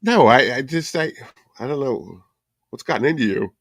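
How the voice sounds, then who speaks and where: A man's voice: medium pitch, animated, moderate pace, a bit bright, slightly rough, dry recording, studio quality. A man co-hosting a casual podcast chat, joking around and laughing often. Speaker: co-host.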